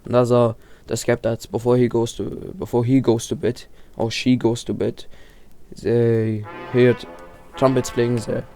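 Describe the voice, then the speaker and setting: Faint music plays behind a man whose mid-range voice is flat, measured, and dark in tone. His take on horror lore is casual and filler-heavy, marked by frequent stumbles, restarts, and self-corrections.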